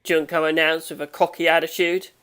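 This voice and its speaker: A woman narrating a fan audiobook in a steady, measured reading. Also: deep voice, clear, resonant tone.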